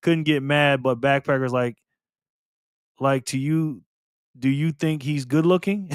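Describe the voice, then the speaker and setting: A man hosting a casual livestream, calling out viewers and donations with upbeat shout-outs. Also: fairly high pitch, slow, long pauses, clear, resonant tone, dry recording, clean studio sound. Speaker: livestream host.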